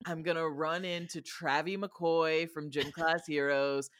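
A woman in her thirties from the United States, a comedian guest on a podcast, telling stories in an animated way, acting out quotes and laughing mid-sentence. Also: low voice, unhurried, dry recording, clean studio sound. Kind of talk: casual podcast chat.

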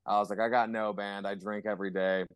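A man's voice: fairly low pitch, little pitch movement, quick pace, clean tone, dry recording. A man talking in casual podcast chat as a guest musician, rambling with lots of swearing and fillers.

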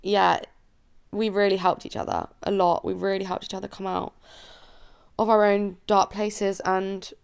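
Gravelly-voiced young woman hosting a podcast. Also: mid-range voice, little pitch movement, a little slow. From England. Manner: open, emotional and chatty, voice cracking near tears. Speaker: podcast host. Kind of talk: solo confessional podcast chat. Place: at home under a blanket.

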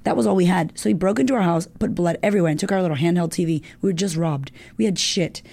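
Frank woman with a dark gravelly voice. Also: fairly low pitch, fast talker. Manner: frank and emotional, swears freely. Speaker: guest. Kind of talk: candid personal storytelling.

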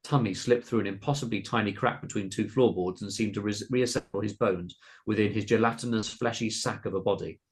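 Gravelly low-voiced man narrating a story. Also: fairly quick. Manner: dramatic, polished narration with voiced characters. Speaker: podcast co-host and story reader. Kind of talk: reading a comedy horror short story.

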